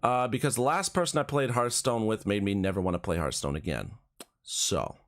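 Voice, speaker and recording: A man streaming a card game, chatting casually with a friend while he plays and laughing often. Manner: animated, quick swings in pitch, laughs often. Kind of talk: casual gameplay commentary with banter.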